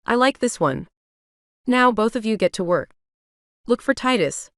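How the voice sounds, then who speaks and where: A woman voicing a brisk, high-energy woman in her fifties with a slight Jamaican accent, bossy and hurried. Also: expressive, no echo, clean studio sound.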